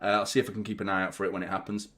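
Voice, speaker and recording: A man hosting a live football watchalong, chatting excitedly and nervously while reading out viewer messages from a hot glass-walled room. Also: on the low side, very fast. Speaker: host of a football fan channel.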